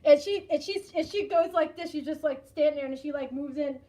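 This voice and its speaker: A woman's voice: sits high, brisk. A woman hosting a casual live stream chat, telling a story with frequent laughter and greeting viewers by name. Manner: animated, laughs often, greets chatters by name.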